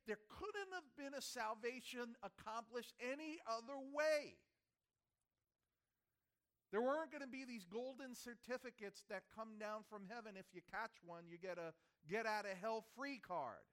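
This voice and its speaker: High voiced preacher man, goes loud then real quiet, asks the church questions. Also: measured pace, smooth. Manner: swings from loud emphasis to hushed, rhetorical questions. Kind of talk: sermon.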